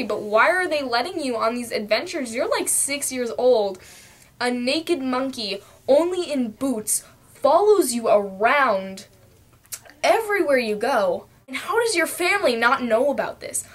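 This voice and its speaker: A woman's voice: high voice, a bit bright. A young woman ranting to camera in a casual vlog, chatty and full of fillers, recorded on a cheap camera mic. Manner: chatty, lots of fillers, jumps into quoted voices. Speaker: vlogger.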